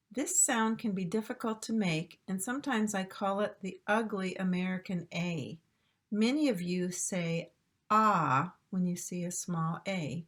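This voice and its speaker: A woman teaching English pronunciation, modeling sounds carefully and repeating drill words. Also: lowish voice. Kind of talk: slow instructional pronunciation lesson.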